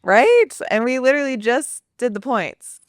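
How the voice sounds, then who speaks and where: Woman, coach, calm and encouraging, dry close sound. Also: a little high, normal speed, no echo. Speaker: subconscious transformation coach. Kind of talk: guiding a tapping exercise.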